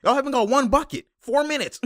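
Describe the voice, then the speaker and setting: A young man reacting live to a basketball game, exasperated and slangy, laughing and shouting at the plays. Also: very high voice, brisk. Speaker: sports commentator reacting to a game.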